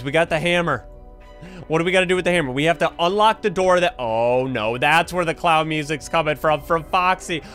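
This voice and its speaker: A man's voice: fairly high pitch, a bit bright. A young man hosting his gaming channel, giving jumpy, panicky commentary full of gasps and yelps as he plays. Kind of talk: excited gameplay commentary.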